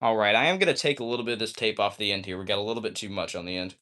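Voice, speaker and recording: A man hosting a casual livestream who talks while flipping a balisong. He gets excitable and keeps tagging sentences with "all right?". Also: on the low side, racing. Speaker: livestream host.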